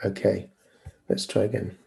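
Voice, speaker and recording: Male lecturer on a video call, mellow tone, hesitant delivery with restarts. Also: lowish voice, level tone, moderate pace, vocal fry. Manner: hesitant, apologetic, many fillers and restarts. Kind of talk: online lecture with screen sharing.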